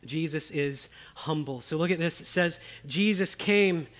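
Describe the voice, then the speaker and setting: Male preacher, somewhat higher voice, emphatic sermon delivery with repeated phrases. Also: unhurried, a bit bright. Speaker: pastor.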